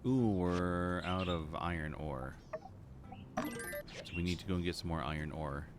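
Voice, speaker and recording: Low-voiced rambling male game streamer. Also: unhurried, heavy background noise. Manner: rambling, repeats phrases and restarts. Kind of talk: casual live-stream chat.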